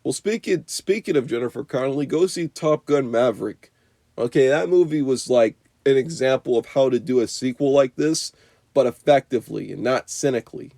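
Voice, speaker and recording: A man's voice: mid-range voice, mellow, no room sound. A young man giving an unscripted, profane movie review rant, rambling with constant "you know" and "like".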